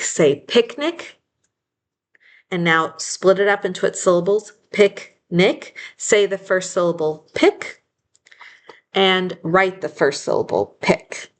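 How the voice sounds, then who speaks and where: Patient woman teacher dictating syllables. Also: lowish voice. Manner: patient, splits words into syllables aloud; self-correcting, apologetic asides. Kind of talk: phonics lesson, slow dictation.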